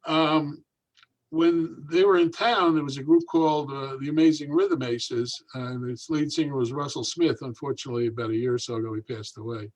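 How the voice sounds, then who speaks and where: A man's voice: medium pitch, moderate pace, poor audio. An older man, a magician, telling a long story in conversation and acting out the people in it. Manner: animated, acts out voices in his anecdotes. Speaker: guest magician.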